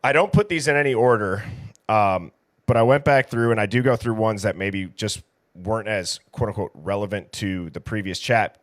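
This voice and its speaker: A man with a low-pitched voice hosts a casual livestream, chatting easily and reading viewers' names aloud. The recording is dry, with a clean studio sound.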